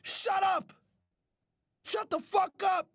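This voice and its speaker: A man hosting a podcast, ranting loudly with profanity, often shouting and mocking others in whiny put-on voices. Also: extremely high pitch, fairly even intonation, slow pace, vocal fry, no echo, studio quality. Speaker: podcast host. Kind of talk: ranting commentary.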